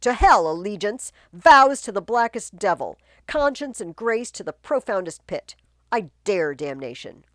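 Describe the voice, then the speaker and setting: A woman reading the part of a furious young nobleman bent on revenge, shouting verse. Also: mid-range voice, sing-song, measured pace, no room sound.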